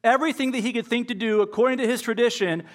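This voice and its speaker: A man's voice: extremely high pitch, fast. A pastor preaching a conversational sermon, telling a personal story and acting out his own inner dialogue.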